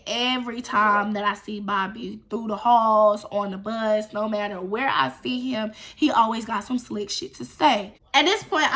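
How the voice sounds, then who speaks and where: A young woman with a bright, sharp voice pitched a little high tells a story to her vlog camera. She talks casually, with animated, profane and emphatic delivery. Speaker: storytime vlogger.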